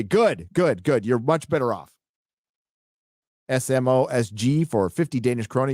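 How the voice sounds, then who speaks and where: A middle-aged man hosting a casual late-night livestream, rambling, swearing and excitedly reading viewer donations aloud. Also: mid-range voice, measured pace, long pauses, dry recording, studio quality. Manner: rambling, profane, excitable, reads donor messages aloud. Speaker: livestream host reading super chats.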